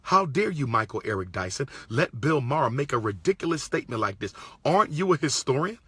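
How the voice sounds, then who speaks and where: Indignant man with a bright, husky voice. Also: mid-range voice, big pitch swings, fairly quick, no echo. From Pennsylvania, USA. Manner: indignant, repeats lines, fires rhetorical questions. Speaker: commentator. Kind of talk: impassioned monologue.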